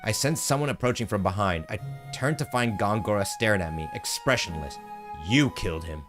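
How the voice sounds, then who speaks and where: A man with a low-pitched voice reads a game's story aloud on stream, earnest and expressive. Game music plays clearly behind his voice. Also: a little fast. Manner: earnest, expressive reading with brief surprised asides. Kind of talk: dramatic reading of game story text.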